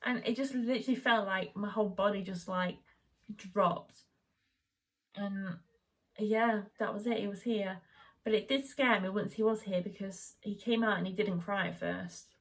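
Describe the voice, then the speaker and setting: A woman's voice: medium pitch, normal speed. A young woman chatting casually at home, telling the story of her labour and birth. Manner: chatty, animated retelling, quoting the midwife in raised voice. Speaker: vlogger.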